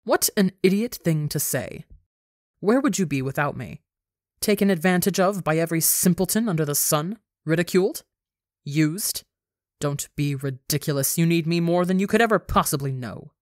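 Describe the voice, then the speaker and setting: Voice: mid-range voice, animated, normal speed, no room sound, close to an everyday voice. A reader voicing a cruel, possessive woman who belittles and haunts a young man, cold and hissing, in a dry close recording. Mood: scornful.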